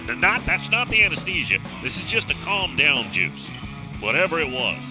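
Over music, a middle-aged male talk radio host spins a folksy story, his slightly high voice swinging widely in pitch at a normal speed. The chat is casual, with phrases repeated and restarted along the way.

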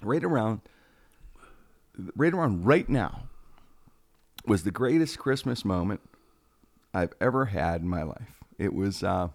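A man's voice: lowish voice, measured pace, creaky, pauses often, no echo. A man, a radio personality telling stories on a casual podcast, acting out quoted lines with animation. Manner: animated, acts out quotes in a raised voice.

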